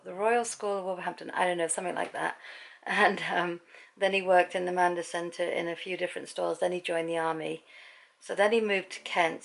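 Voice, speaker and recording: A middle-aged woman from England talks to the camera at home at night in a loose, rambling way. Her voice sits low with a gravelly fry, and she laughs easily between thoughts. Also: poor audio. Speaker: vlogger. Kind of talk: casual vlog chat to camera.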